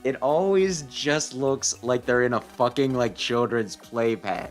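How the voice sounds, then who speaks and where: A man's voice: mid-range voice, slow. A man giving casual, sarcastic commentary while playing a video game. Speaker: let's play host. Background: faint game music.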